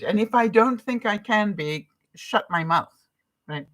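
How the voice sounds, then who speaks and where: A woman's voice: mid-range voice, lively intonation, slow, a bit bright. Woman, older, from Canada, vlogger, casual live-stream chat, encouraging, chatty. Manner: chatty and encouraging, with frequent laughs.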